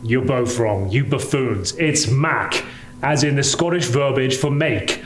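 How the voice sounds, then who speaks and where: A man's voice: medium pitch, a little slow, a little hiss or hum. A man speaking in a pompous, grandiose manner in a comedy skit.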